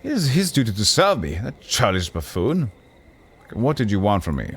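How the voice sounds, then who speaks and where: A man voicing a fussy, pompous nobleman who talks in a shrill, indignant and haughty way. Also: wildly swooping pitch, moderate pace, slightly rough, exaggerated voice.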